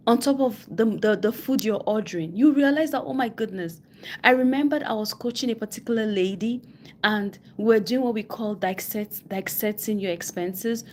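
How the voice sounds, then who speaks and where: A woman's voice: mid-range voice, mellow. A woman giving personal finance advice as a coach on a live stream, with a West African English accent, stressing points by repeating phrases. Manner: emphatic, repeats key phrases, quotes people in mock voices.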